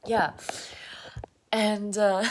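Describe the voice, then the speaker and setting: A woman's voice: medium pitch, level tone, extremely slow, a little hiss or hum. A woman vlogging a rambling, emotional confessional monologue, laughing often as she talks. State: emotional, close to tears.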